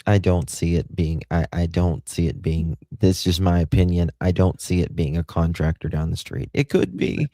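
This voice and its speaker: A man's voice: sits low, flat delivery, moderate pace, few pauses, warm tone, no echo. A man co-hosting a casual chat, opinionated and rambling, often restarting his sentences.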